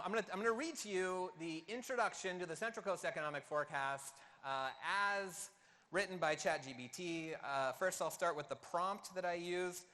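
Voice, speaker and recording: Lively joking man emceeing an event. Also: a little high. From California. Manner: joking, self-deprecating, reads aloud dramatically. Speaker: master of ceremonies. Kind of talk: emcee remarks at a live event. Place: conference hall.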